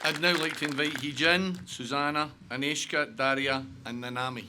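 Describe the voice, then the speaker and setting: A man presenting at an outdoor graduation ceremony, calling out the names of graduates in a measured, drawn-out way. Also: fairly high pitch, fairly even intonation. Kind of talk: announcing names. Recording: noisy outdoor recording with crowd.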